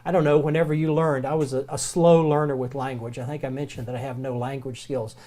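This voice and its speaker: Folksy Southern man teaching Greek. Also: mid-range voice. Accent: Southern American. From American South. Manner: relaxed, folksy, slows down to spell out words. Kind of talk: recorded lecture.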